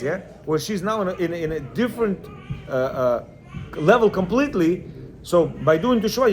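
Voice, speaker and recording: A man with a high-pitched, darkish voice teaches a religious class, reading from a book and explaining each passage in plain language while checking in with his listeners. He talks in bursts, restarting many times.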